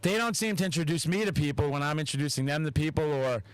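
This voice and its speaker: High-voiced, expressive man on a podcast. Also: quick pace, smooth, no echo, rough recording. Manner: animated, heavy swearing, acts out quotes. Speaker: podcast host. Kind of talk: casual podcast chat.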